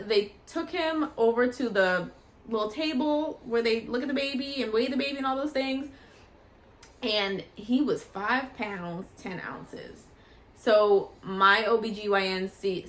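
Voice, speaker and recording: Chatty woman vlogger telling a story. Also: mid-range voice. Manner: chatty and animated, acts out quoted voices. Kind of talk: casual storytelling.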